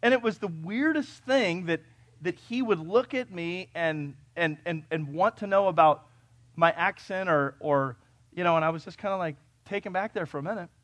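A man from California preaching a sermon, reading scripture and telling stories, swinging between loud, urgent peaks and quiet, conversational asides. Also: high-pitched, moderate pace, dry recording. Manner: conversational storytelling with fillers and restarts. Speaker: pastor.

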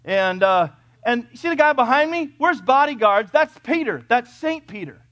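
A man's voice: very high voice, lively intonation, moderate pace, fairly bright tone, no room sound, pitched above the performer's own voice. A male preacher putting on a showy, mocking voice as a boastful male apostle bragging about his crew. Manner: mocking, showy self-promotion.

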